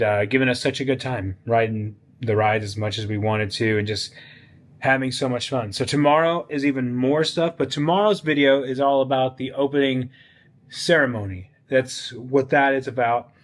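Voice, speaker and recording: A man narrating a walking vlog outdoors at a theme park event, excited and chatty, talking straight to his viewers. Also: mid-range voice, moderate pace. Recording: crowd noise behind.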